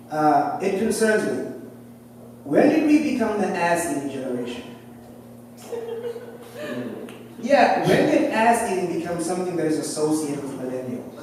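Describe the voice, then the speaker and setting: A man from doing an animated stand-up set on a club stage, often laughing at his own jokes. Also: high-pitched, a little hiss or hum. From South Africa. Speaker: stand-up comedian. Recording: echoey club from far off.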